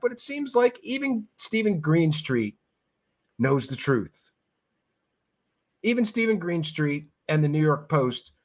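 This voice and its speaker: Lively, bright-voiced male commentator. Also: high-pitched. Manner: sarcastic, emphatic, repeats points. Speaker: show host. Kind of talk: video commentary.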